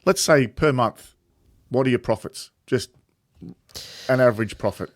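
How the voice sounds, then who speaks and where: A man's voice: medium pitch, measured pace, no room sound, studio quality. A man co-hosting a casual chat, who keeps agreeing and tells rambling anecdotes. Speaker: co-host.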